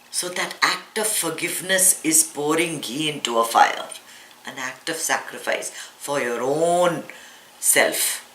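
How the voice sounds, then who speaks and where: Low bright-voiced woman teaching in echoey room. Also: unhurried. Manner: earnest, teaching with rhetorical questions and mock quotes. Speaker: meditation teacher. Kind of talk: spiritual talk to a live audience. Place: hall of a live talk. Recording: echoey room with faint ambience.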